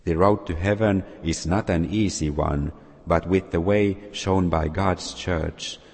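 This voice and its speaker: A man preaching a sermon to children, speaking slowly and gently. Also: low-pitched, fairly even intonation, husky. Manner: slow, gentle, addressing children. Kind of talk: sermon with story. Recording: long hall reverb.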